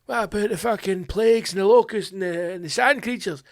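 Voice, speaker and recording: A middle-aged man with a Scottish accent, hosting his own podcast in a profane comedic rant, sweary and animated. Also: sits high, brisk, few pauses, no room sound, clean studio sound. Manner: sweary, animated, slips into mock voices. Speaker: podcast host.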